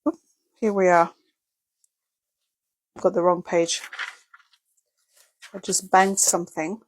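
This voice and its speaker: A woman's voice: on the low side, flat delivery, slow pace, slight background noise. A woman teaching a casual video lesson on a dictionary's pronunciation key, explaining step by step and sounding out example words, with small slips and self-corrections. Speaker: English teacher.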